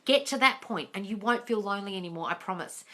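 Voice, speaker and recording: Bright-voiced woman coaching on a live. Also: medium pitch, fast talker. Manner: direct, reads viewer questions aloud and answers them; calls listeners darling and guys. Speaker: manifesting coach. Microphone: phone on a livestream.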